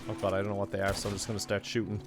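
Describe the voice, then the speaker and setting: A man's voice: lowish voice, completely flat delivery, rapid-fire, faint music behind. A young man streaming a game, chatting casually, laughing often and reading out donations. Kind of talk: casual live-stream chat while gaming.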